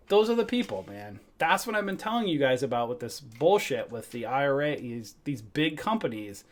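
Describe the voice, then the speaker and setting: A man's voice: mid-range voice, sing-song, fairly quick, few pauses. A middle-aged man hosting a trading livestream, ranting casually and profanely, acting out quotes from phone calls. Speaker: trading show host.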